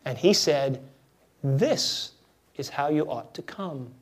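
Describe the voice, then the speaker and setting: Pastor guy w a high voice, chatty jokey sermon, goes quiet then loud. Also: expressive, slow, breathy edge. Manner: conversational, jokey, swings between hushed and loud.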